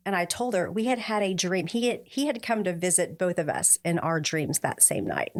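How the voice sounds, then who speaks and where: This middle-aged woman, a podcast guest, recounts a personal story warmly and sincerely, at a moderate pace with big swings in pitch. Quoted lines get acted out in a higher voice.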